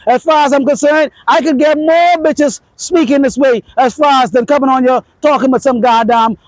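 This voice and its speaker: Loud, brash, profane man, very high voice. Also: no echo, low-quality recording. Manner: boastful, profane, loud and emphatic, rambling. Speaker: dating advice vlogger. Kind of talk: unscripted profane rant to camera.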